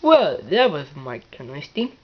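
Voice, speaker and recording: A woman's voice: deep voice, huge pitch swings, moderate pace, breathy edge, muffled recording, pitched below the performer's own voice, exaggerated voice. A woman doing a polite new engine. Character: polite new male engine with odd accent.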